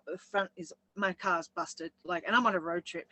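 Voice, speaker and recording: A woman's voice: medium pitch, sing-song, a little fast, few pauses, bright, forceful tone, dry recording, low-quality recording. A woman co-hosting a casual chat, rambling and laughing as she tells her story. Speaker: co-host.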